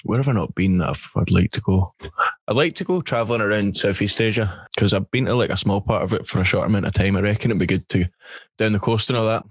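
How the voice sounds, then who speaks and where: A man chatting casually on a podcast in a relaxed, rambling way. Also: lowish voice, fast talker, breathy edge, no room sound. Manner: relaxed, rambling, laughs easily. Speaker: podcast co-host. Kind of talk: casual chat.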